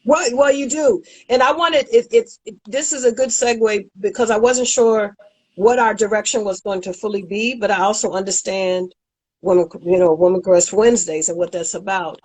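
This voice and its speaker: Husky woman telling a story. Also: medium pitch, moderate pace, rough recording. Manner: animated storyteller, acts out quotes. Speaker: guest. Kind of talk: casual chat, storytelling.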